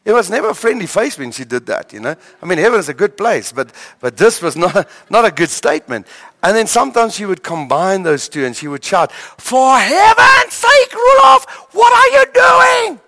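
A male pastor tells stories from the pulpit in a slightly high voice, pausing for effect and stammering into his points. The sermon fills a church hall and a long reverb trails after his words. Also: very animated, fairly bright tone. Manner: storytelling, dramatic pauses and stammered repeats.

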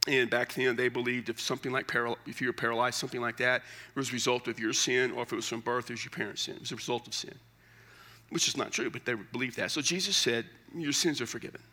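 A man's voice: mid-range voice, fairly even intonation, fast talker, sharp tone. A middle-aged male pastor preaching a sermon in a conversational, joking way with emphatic asides.

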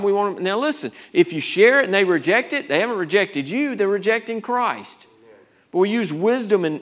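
Conversational male preacher, fairly high voice. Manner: conversational, rambling with restarts, rising to urgent emphasis. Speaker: pastor. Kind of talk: sermon.

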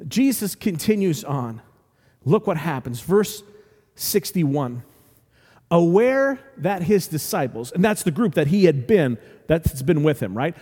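Male pastor, high lively voice, conversational sermon delivery, church hall reverb. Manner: animated, conversational, acting out scenes.

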